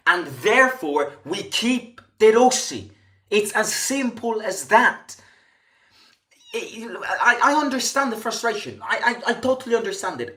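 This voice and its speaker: A man's voice: sits high, sharp tone. A man hosting a football fan channel, delivering an impassioned commentary rant full of emphatic rhetorical questions and frequent restarts. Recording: echoey room.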